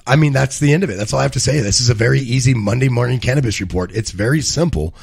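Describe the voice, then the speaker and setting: Rambling gravelly male host. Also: mid-range voice, fast, a little mellow. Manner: rambling, profane, self-correcting. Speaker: co-host of a live cannabis news show. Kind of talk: casual live show banter and news commentary.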